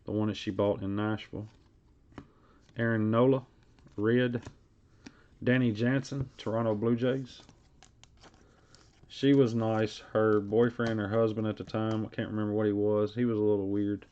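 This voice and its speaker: A man's voice: lowish voice, little pitch movement, moderate pace, long pauses, mellow, clean tone. Card break host: man, rambling stream chat over dull lo-fi audio. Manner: rambling, reads card names aloud between stories. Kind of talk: casual live-stream chat while opening card packs.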